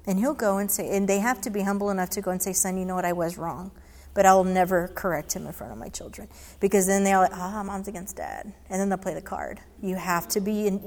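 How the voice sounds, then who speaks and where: Her voice sits lowish with a darkish tone, and the sound is that of a big room. Responding to audience questions, this woman offers frank, casual advice, re-enacting conversations from her past as she talks.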